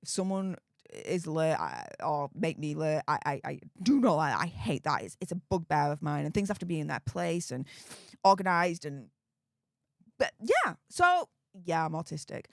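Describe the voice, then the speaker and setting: A British woman hosting a live stream, chatting casually, laughing often and reading out viewer comments in a frank, animated way. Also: low voice, normal speed, gravelly, no echo. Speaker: livestream host reading viewer chat.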